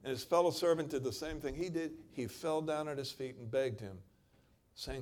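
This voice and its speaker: Speaking fairly quickly in a mid-range voice, a man preaches and reads scripture aloud with theatrical force. He moves back and forth between booming passages and softer, pointed words.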